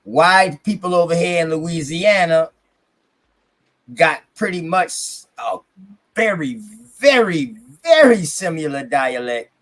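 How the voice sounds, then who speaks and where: A man's voice: fairly high pitch, expressive, slow, fairly bright tone. A man hosting a casual chat, talking in a slangy way and explaining things point by point. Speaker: host.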